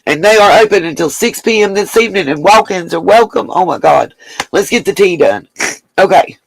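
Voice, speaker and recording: A woman's voice: fairly low pitch, lively intonation, a little fast, creaky, no echo, low-quality recording. A woman hosting a live stream, chatting bluntly and emphatically, swearing freely and thanking viewers. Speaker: livestream host. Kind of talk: live-stream commentary and chat reading.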